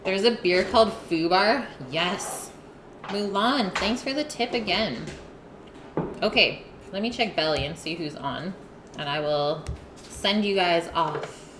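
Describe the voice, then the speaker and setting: A woman's voice: fairly low pitch, slow pace. A woman hosting a live cooking stream, chatting casually with her viewers between bites and reading their messages aloud. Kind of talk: casual chat with viewers while eating. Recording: roomy, noisy home stream audio.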